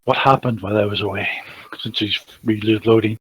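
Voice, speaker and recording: A man playing in a tabletop game, describing his character in a wry, deadpan way. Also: on the low side, fairly quick, poor audio. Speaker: player. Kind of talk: casual chat at a game table.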